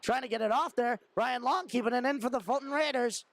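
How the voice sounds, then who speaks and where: A young man giving fast running play-by-play of a hockey game, shouting when shots and goals come. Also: very high-pitched. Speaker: play-by-play commentator. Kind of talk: amateur hockey play-by-play commentary.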